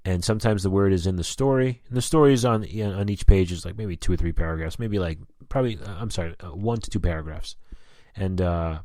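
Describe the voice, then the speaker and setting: Deep-voiced, profane male podcast host. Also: fast, dark tone, no room sound. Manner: profane, rambling and candid. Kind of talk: casual solo podcast monologue. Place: lives in Albuquerque.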